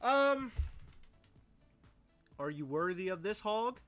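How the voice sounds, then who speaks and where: A man in casual livestream chat, hamming it up with goofy, over-the-top jokes. His voice swings widely up and down and has a bright, forceful edge. Faint music sits underneath. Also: high-pitched, very animated, takes it slowly. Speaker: podcast co-host.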